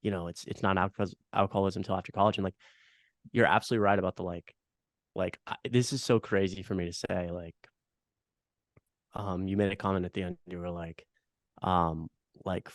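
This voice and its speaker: A man's voice: sits low, fairly even intonation, brisk, dry recording, clean studio sound. A young man hosting a podcast, chatting casually with lots of fillers, swearing and eager agreement. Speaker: podcast host.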